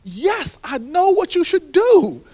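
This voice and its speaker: A man voicing a calm, knowing woman who gives advice in slow, teasing repeats, within a spoken story. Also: very high voice, pitched above the performer's own voice, full character voice. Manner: deliberate, teasing, unhurried.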